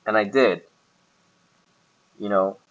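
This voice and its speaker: The audio is dull, though the man's fairly low voice has a somewhat bright tone. He speaks slowly and steadily about his boss, in a casual conversation where he keeps hesitating, restarting and rambling.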